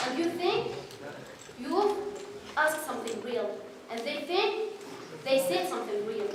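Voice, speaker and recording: An actress playing a hurt daughter who reflects earnestly on her mother, repeating herself, in a stage monologue. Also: sits high. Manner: searching, repeating lines, earnest. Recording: echoey hall, mic far off, noisy.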